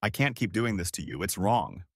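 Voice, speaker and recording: A man's voice: low voice, lively intonation, normal speed, a bit bright, husky, dry recording, heavily acted. A man reading the lines of an angry wife accusing her husband, in a dry recording. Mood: pleading. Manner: snarling, accusing.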